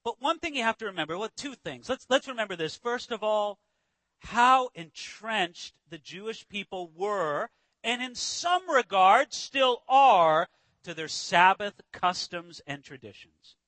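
A man preaching a sermon, walking through a Bible passage verse by verse and acting out its scenes with lively emphasis. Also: sits high, a little slow, no room sound, poor audio. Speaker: pastor.

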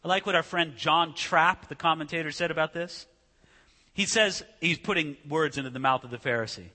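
Bright-voiced preacher in a reverberant hall. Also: male voice, on the high side, brisk. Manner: conversational, rhetorical questions, acts out scripture. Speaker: pastor. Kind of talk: sermon.

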